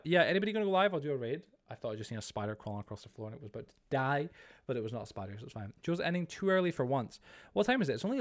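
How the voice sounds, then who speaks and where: A young man livestreaming a game, chatting casually and reading out chat messages. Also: mid-range voice. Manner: rambling, reads chat aloud. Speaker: streamer. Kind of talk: casual live-stream chat.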